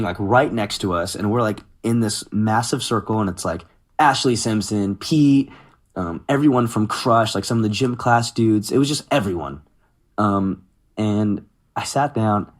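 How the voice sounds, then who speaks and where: A man in his thirties telling stories from his music career in a casual interview, acting out what others said. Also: on the low side. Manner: animated, quotes others in lively voices.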